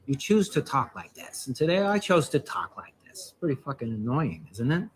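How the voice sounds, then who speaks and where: Guy as a fed-up barista copying a lazy drawl, deadpan. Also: mid-range voice, normal speed, natural voice. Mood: mocking. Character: annoyed barista mimicking a drawl.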